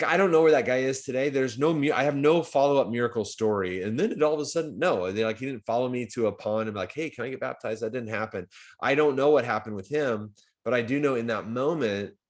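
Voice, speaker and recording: A man with a mid-range voice speaks briskly while hosting a live community stream. The talk is casual and conversational, with lots of repetitive restarts and animated swings in loudness.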